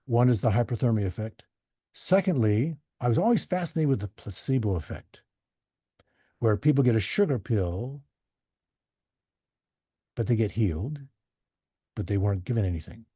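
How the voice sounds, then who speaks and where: A man talks with a dark, husky tone in a dry, close sound. He tells stories casually and animatedly, jumping high to act out the people he quotes. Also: normal speed, pauses often, dry recording. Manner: animated, acts out quoted voices. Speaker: podcast guest. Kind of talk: casual storytelling.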